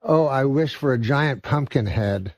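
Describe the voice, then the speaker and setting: A man's voice: medium pitch, a little slow, a little mellow, dry recording, pitched above the performer's own voice, close to an everyday voice. A man playing a boastful rich man who brags in a drawl about his genie wishes. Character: boastful middle-aged man telling of a genie.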